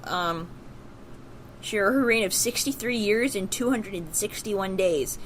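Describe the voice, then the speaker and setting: A woman's voice: mid-range voice, unhurried, slight background noise. A woman co-hosting a casual podcast, reading out history facts with many fillers and restarts. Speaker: podcast co-host. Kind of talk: casual chat.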